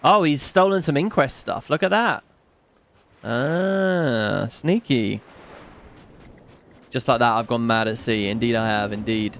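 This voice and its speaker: A man's voice: medium pitch, measured pace, long pauses, fairly bright tone, a little hiss or hum. A man giving casual let's-play commentary, chatting and musing aloud as he reads on-screen game text. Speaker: gaming YouTuber. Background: game music.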